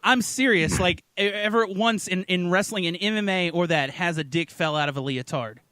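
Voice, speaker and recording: A man's voice: high voice, normal speed, dry recording. A man hosting a podcast, chatting crudely and animatedly, often breaking into silly voices. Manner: animated, profane, jumps into funny voices. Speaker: podcast host. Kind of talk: crude casual chat.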